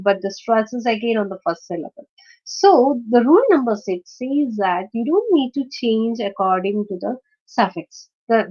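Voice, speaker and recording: Female teacher, lesson delivery, patient step-by-step explaining with fillers; slightly high voice, dull lo-fi recording. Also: a little mellow. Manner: explains step by step with many fillers and checking questions. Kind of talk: online lesson on word stress.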